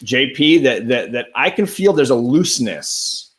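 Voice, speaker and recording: A man's voice: mid-range voice, expressive, a little slow. A man hosting a casual chat, talking enthusiastically and restarting his sentences a lot. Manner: enthusiastic, rambling, frequent restarts. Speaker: host.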